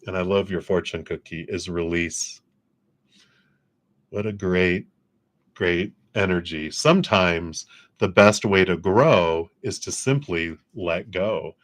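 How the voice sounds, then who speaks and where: A man giving a livestream tarot reading, chatty and upbeat, laughing often as he offers gentle spiritual encouragement. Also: sits low, takes it slowly. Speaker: tarot reader.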